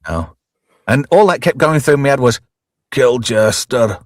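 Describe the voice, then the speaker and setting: A man hosts a loose, joking chat show, rambling through stories with lots of restarts. His pitch swings widely as he talks, and the sound is close and dry, with no room around it. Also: very animated, normal speed, no echo. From lived in Alberta, Canada. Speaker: host. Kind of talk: casual livestream banter.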